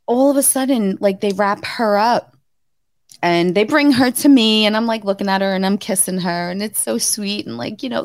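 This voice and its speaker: A woman's voice: moderate pace, no echo, studio quality. A woman in her thirties co-hosting a podcast, chatting casually and acting out quotes as she tells a story. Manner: animated storyteller, acts out quotes with sudden high pitch. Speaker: podcast co-host. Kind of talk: casual chat, telling a birth story.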